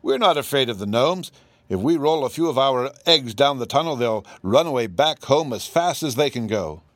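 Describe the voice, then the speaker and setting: A man's voice: mid-range voice, expressive, moderate pace, no echo, pitched above the performer's own voice, lightly acted. A man reading an audiobook, voicing a bold talking hen in a scoffing, confident way.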